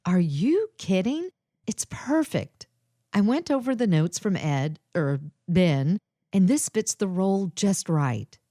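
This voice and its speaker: A seasoned young adventurer who talks with encouragement , read aloud by a woman. Her delivery is animated, with lively pitch, recorded dry and close. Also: takes it slowly, no echo. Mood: encouraging.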